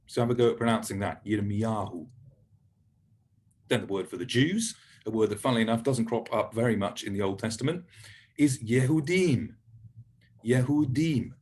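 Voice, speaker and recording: A man's voice: fairly low pitch, fast. A man teaching a pronunciation lesson, patiently explaining each sound and modelling words for listeners to repeat. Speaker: language teacher.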